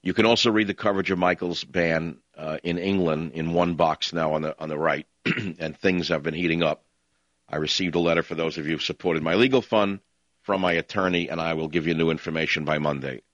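A man's voice: deep voice, steady tone, fairly quick, fairly bright tone, no echo. A man hosting a call-in talk radio show, ranting in a combative, scornful way over dull lo-fi broadcast audio.

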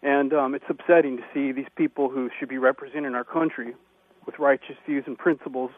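A man calls in to a radio show, his voice sitting at an ordinary mid pitch. He talks haltingly, stopping and restarting with many fillers, and comes through a narrow, tinny phone line. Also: fairly even intonation. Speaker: radio caller. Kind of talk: call-in comment.

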